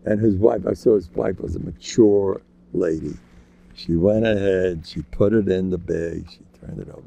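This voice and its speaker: A man giving an informal, joking religious talk, animated and acting out quotes in sudden high voices. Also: normal speed, gravelly, dull audio. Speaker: religious lecturer. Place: local community gathering.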